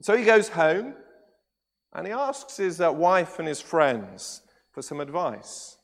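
Male preacher, high voice, animated storyteller who keeps asking the room questions, long church reverb. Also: takes it slowly. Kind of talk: sermon.

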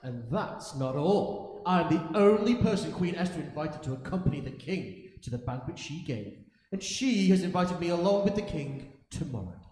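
A man's voice: fairly high pitch, lively intonation, moderate pace, darkish tone, lightly acted. A man reading as boastful, bitter Haman. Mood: proud, bitter. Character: boastful resentful royal official Haman, adult man. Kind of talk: dramatized scripture reading. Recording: echoey church hall with long reverb.

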